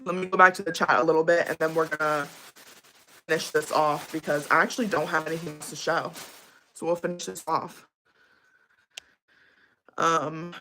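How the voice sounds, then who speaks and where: A woman's voice: lowish voice, lively intonation, moderate pace, pauses often, a bit bright. A young woman casually chatting with viewers on her livestream, bubbly and giggly, with lots of likes and ums. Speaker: livestream host.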